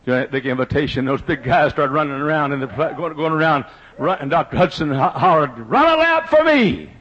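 A middle-aged man, preaching a fiery revival sermon in a rising cadence that builds to shouting. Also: fairly high pitch, fairly even intonation, fast, husky. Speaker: pastor. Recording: dull lo-fi sermon recording.

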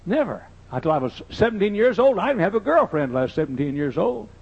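A man's voice: sits high, sing-song, fast talker, vocal fry, breathy edge. An older man, a pastor, telling folksy, joking anecdotes in a sermon. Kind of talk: humorous sermon storytelling. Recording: dull lo-fi sermon recording.

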